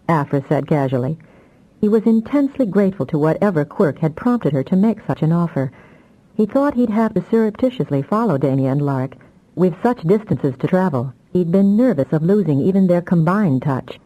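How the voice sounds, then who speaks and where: A woman reading fantasy audiobook narration in a measured, even storytelling manner. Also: low-pitched, low-quality recording. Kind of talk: scripted narration.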